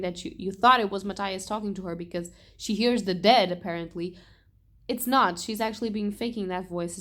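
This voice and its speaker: A young woman talking casually in a book vlog, animated and exasperated, swearing and laughing often. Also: on the low side. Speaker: book vlogger.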